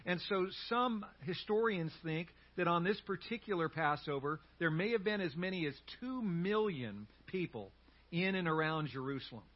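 A man preaching a sermon as pastor, telling a story in an animated way with humorous asides. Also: sits high, normal speed, highs cut off.

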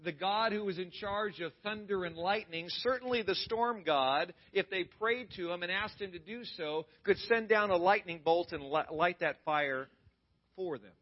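A man preaching a sermon as a pastor, retelling a story dramatically and swinging from loud to hushed. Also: high voice, moderate pace, muffled recording.

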